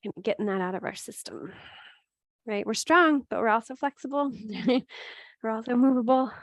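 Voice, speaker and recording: A woman teaching a gentle yoga class, giving steady cues with chatty asides and laughing at her own slips. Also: on the high side, moderate pace, no echo, clean studio sound. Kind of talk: guided yoga class instruction.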